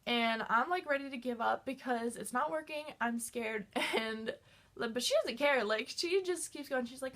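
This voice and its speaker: High-voiced excitable woman telling a story. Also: normal speed. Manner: excitable, fills talk with "like". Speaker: vlogger. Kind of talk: casual storytime chat.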